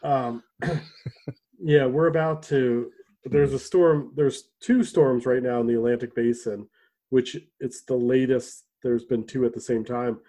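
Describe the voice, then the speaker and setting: A man co-hosting a casual podcast chat, rambling with restarts and throat clearing. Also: medium pitch, steady tone, a little slow, mellow. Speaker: podcast co-host.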